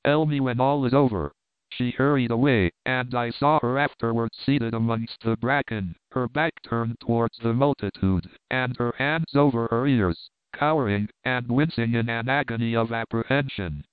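A man reading a classic novel aloud with measured, even storytelling. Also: medium pitch, clear, resonant tone, no room sound. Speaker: audiobook reader. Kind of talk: scripted narration of a classic novel. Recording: tinny narrow-band, dry.

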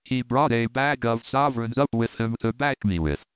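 A man's voice: medium pitch, normal speed, smooth, no room sound, natural voice. A man reading the part of a burly, good-natured older male blacksmith and prizefighter who speaks plainly and heartily. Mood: earnest. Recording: tinny narrow-band, dry.

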